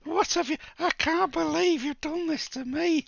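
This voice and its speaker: A man's voice: very high voice, normal speed, vocal fry, fairly bright tone, muffled recording, pitched above the performer's own voice, full character voice. A man voicing a confused, newly cured male adventurer who complains melodramatically. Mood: bewildered.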